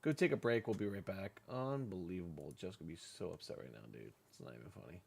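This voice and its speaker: Man, stream host, gravelly, lively pitch, casual, swears. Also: quick pace, a little hiss or hum. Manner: loose, laughing, swears freely, talks to chat. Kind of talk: casual live stream chat.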